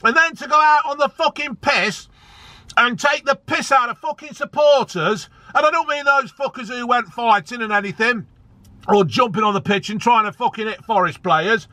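Brief: male fan vlogger, sharp bright tone, heated sweary rant, dry close sound. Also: very high-pitched, normal speed, no echo. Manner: heated, sweary, repeats himself for emphasis. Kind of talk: angry ranting vlog.

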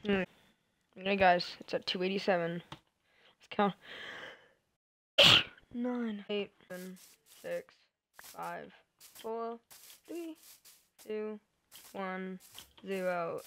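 A young woman chatting casually to herself and her viewers while streaming a game, thinking out loud. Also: fairly low pitch, slow pace, gravelly, pauses often, slight background noise, poor audio. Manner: chatty, thinks aloud, self-talk with little sing-song bits. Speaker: gamer streaming live.

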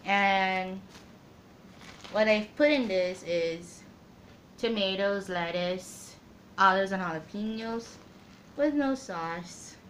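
Woman, eating vlog host, casual chat, slow unhurried delivery, halting with fillers, faint background ambience. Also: mid-range voice, fairly bright tone, slight background noise, poor audio. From Guam. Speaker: mukbang vlogger.

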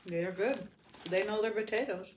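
A woman's voice: mid-range voice, normal speed, slight background noise. A woman reviewing snacks in casual chat, opinionated and teasing. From half Irish. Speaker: food reviewer.

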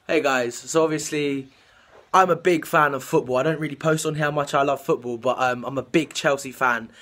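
A young man ranting angrily to camera about football, swearing and breaking into shouts. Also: medium pitch, fairly even intonation, a little fast. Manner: swearing, shouting, restless outbursts. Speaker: vlogger. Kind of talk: angry football rant to camera.

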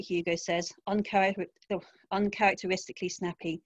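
A woman author reading her first-person crime story aloud in a wry, even narration over a video call. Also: medium pitch, moderate pace, no echo, muffled recording. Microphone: home computer mic, video call.

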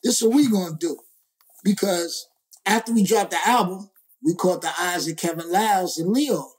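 Animated, slangy male rapper telling stories. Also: high-pitched, moderate pace, husky. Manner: slangy, profane, acts out quoted voices. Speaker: interview guest, rapper. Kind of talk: animated storytelling.

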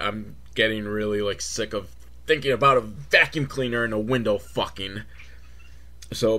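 A man recapping a kids' movie in a sarcastic, rambling way, with loud outbursts and mumbled asides. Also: mid-range voice, measured pace. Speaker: movie reviewer.

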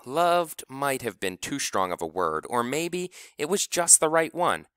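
A man narrating a novel with expressive storytelling. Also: mid-range voice, a little slow, clear, resonant tone, dry recording, clean studio sound. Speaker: audiobook narrator. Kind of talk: scripted narration.

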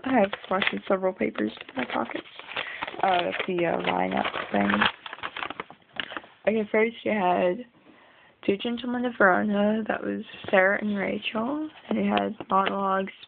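A woman's voice: medium pitch, gravelly, phone-quality sound, a little hiss or hum. A young woman rambling casually in a video diary, chatty and full of ums. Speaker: vlogger.

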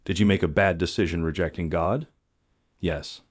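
A man's voice: sits low, fairly even intonation, normal speed, no echo, clean studio sound. A man narrating a video compilation from a script in a plain, earnest manner. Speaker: channel narrator presenting clips.

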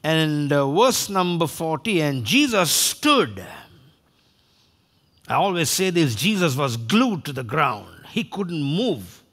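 A man's voice: a little high, very animated, slow, a bit bright. A man preaching a sermon emphatically, now and then acting out quoted voices. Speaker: pastor.

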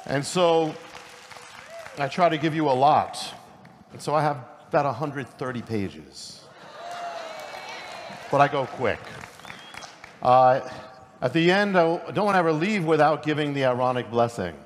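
A middle-aged man preaching at a conference in a quick, conversational way, often restarting his sentences. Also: on the high side, animated, some chatter behind. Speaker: pastor and speaker. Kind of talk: conference sermon. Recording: long hall reverb, faint noise.

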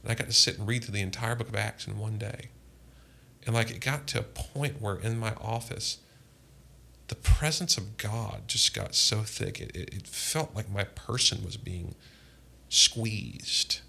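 A man's voice: on the low side, a little slow, creaky, sharp tone, breathy edge. A man, a pastor, telling earnest personal testimony in a podcast conversation. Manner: earnest, impassioned storytelling.

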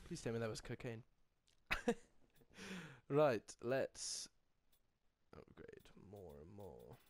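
A young man giving excitable let's-play commentary, yelling and laughing at the game with mild slang. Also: lowish voice, slow pace, creaky, slight background noise. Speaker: gamer.

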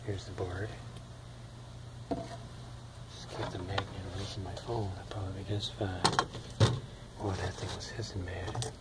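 A man's voice: deep voice, little pitch movement, measured pace, pauses often. A man filming his pet hissing roaches, chatting to them fondly and teasing them with baby talk, recorded on a phone. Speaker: hobby bug keeper. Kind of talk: casual handheld pet video.

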